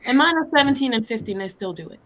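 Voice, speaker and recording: Slow, lively high-voiced mother. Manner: chatty, laughing often, retelling family moments. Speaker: parent in a group chat. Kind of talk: casual chat. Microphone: phone app audio.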